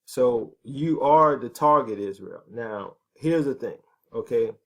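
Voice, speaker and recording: A man's voice: mid-range voice, lively intonation, slow pace, a bit bright. A man teaching as a ministry preacher, talking emphatically, asking rhetorical questions and checking in with "right?" and "okay". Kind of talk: preaching commentary on prophecy.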